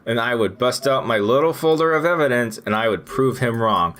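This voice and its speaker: A man co-hosting a podcast, chatting casually and acting out his own retorts in a lively way. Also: mid-range voice, fairly quick. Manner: animated storyteller who acts out his own retorts. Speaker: podcast co-host.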